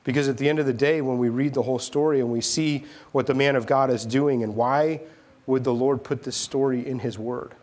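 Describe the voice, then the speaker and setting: A man's voice: mid-range voice, steady tone, a little fast, a little mellow. A man preaching a sermon, retelling a scripture story with emphasis and rhetorical questions.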